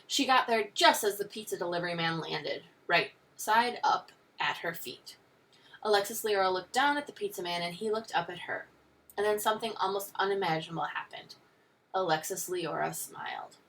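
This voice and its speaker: A woman teacher reading a picture book aloud with expressive storytelling. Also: fairly low pitch, moderate pace, far from the mic.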